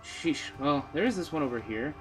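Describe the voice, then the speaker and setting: A man's voice: fairly high pitch, expressive, brisk. A man chatting through a playthrough with a sarcastic, self-deprecating streak. His commentary rides over faint background game music, casual and off the cuff. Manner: sarcastic, self-mocking asides. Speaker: let's player.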